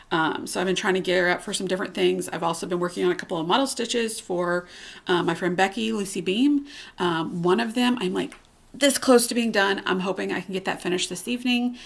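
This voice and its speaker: A woman's voice: lowish voice, gravelly, fairly bright tone. A woman hosting her own cross stitch channel, chatting casually from home in a candid, rambling way, full of ums and restarts. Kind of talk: casual rambling vlog chat. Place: at home, cat nearby.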